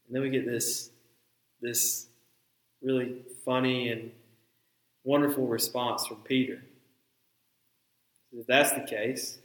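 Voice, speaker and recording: Bright-voiced preacher in an echoey room. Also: male voice, mid-range voice, steady tone, slow pace, long pauses. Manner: dramatic, acts out biblical dialogue. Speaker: pastor. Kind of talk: sermon.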